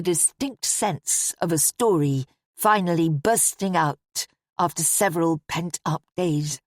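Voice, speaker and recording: A woman reading an audiobook in a measured, even narration style. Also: lowish voice, dry recording, clean studio sound. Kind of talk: scripted narration.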